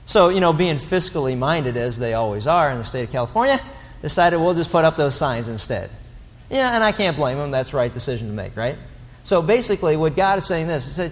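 A man preaching a sermon as pastor, animated and blunt, mocking the excuses he quotes. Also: fairly high pitch, brisk, in a large hall.

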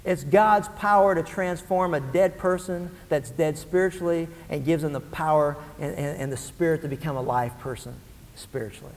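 A pastor preaches with a high, light male voice that rises from hushed lines to shouted peaks. His sermon carries long reverb from a large hall, like a church sanctuary.

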